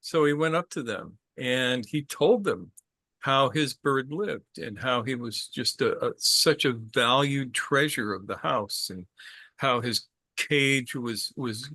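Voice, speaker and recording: A man's voice: medium pitch, sharp tone, no echo. A man telling a traditional story to a group in a casual way, repeating words and stopping to ask questions.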